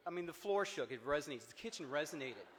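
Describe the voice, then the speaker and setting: A man from Cincinnati giving a personal memorial speech, storytelling with humor and jumps in pitch for emphasis. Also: expressive, quick pace, fairly bright tone, slight background noise. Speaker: eulogy speaker, friend of the deceased. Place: memorial service hall. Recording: echoey hall with long reverb.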